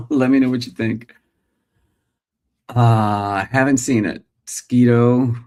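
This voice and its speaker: A man's voice: medium pitch, extremely slow, darkish tone. A middle-aged man hosting a daily live stream as a working actor, chatting casually and thinking aloud with fillers.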